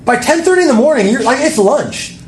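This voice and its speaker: A man's voice: very high-pitched, lively intonation, brisk, reverberant, a little hiss or hum. A man telling a story in casual podcast chat, rambling and swearing freely. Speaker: podcast co-host.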